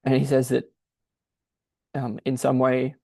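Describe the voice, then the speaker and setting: A man's voice: medium pitch, monotone, a little slow, creaky, mellow, no echo. A man thinking aloud as he explains a difficult text, in a searching, explanatory manner. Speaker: podcast host explaining a text. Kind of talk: exegetical commentary.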